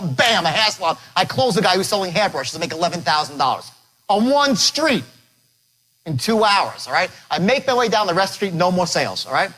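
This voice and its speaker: Animated high-energy male sales speaker. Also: poor audio. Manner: animated and boastful, punchy phrases. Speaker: sales trainer giving a lecture. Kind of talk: motivational storytelling lecture to a live audience.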